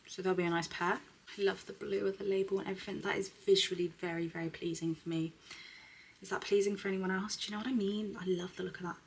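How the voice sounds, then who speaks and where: A woman chatting casually at home, swearing freely and slipping into soft, half-whispered asides. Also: mid-range voice, slight background noise. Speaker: beauty vlogger. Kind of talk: casual unboxing chat. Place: at home, indoors.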